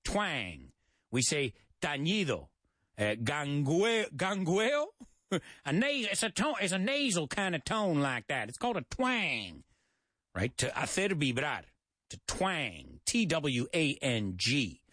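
A man's voice: fairly high pitch, huge pitch swings, takes it slowly, a bit bright, no echo, clean studio sound. Chatty American man teaching English. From United States. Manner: chatty, jokey, repeats and spells out words. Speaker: English teacher and show host. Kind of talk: casual English lesson for Spanish speakers.

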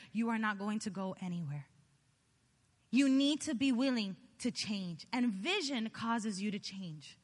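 A woman preaching a sermon, animated and chatty, joking with her listeners as she tells a story. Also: sits high, in a large hall. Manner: animated, chatty, jokes with the audience.

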